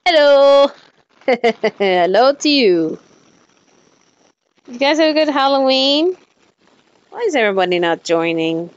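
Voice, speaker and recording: A young woman chats to her viewers during a live stream, tired and yawning between greetings. Her fairly high voice swings up and down with lively inflection. She talks slowly, and the sound is dry and close. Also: smooth, dry recording, highs cut off. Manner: chatty, greets viewers, yawns and laughs often. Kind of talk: casual live-stream chat.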